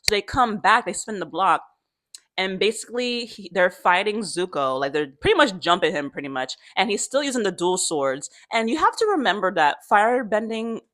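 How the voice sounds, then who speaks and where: A woman's voice: mid-range voice, very animated, moderate pace, fairly bright tone. A young woman vlogger chatting casually, slangy, swearing freely and laughing often. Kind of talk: casual chat.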